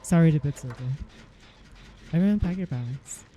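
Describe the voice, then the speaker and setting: A woman's voice: sits low, lively intonation, moderate pace, mellow, soft background music. A young woman streaming and chatting casually, reacting with giggly disbelief. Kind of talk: casual chat.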